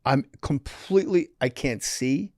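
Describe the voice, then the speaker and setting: A man's voice: mid-range voice, a little slow, no echo. Man telling stories, dry and close. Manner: animated, acts out quotes, swears freely. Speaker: podcast host. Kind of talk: casual comedic storytelling.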